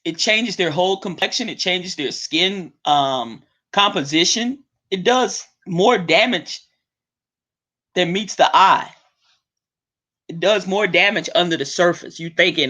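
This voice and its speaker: A woman hosting her own show, ranting bluntly and swearing freely, with sharp swings up and down in pitch. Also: lively intonation, normal speed, pauses often. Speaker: host. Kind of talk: profane ranting monologue. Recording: dull lo-fi recording.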